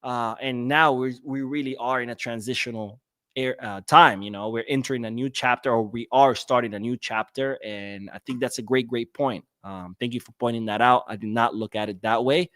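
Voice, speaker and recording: In clean studio sound with no room sound, a man with a mid-range, fairly bright voice speaks at a moderate pace with fairly even intonation. He's hosting a casual livestream podcast, reading chat comments aloud and answering them in a rambling, repetitive way.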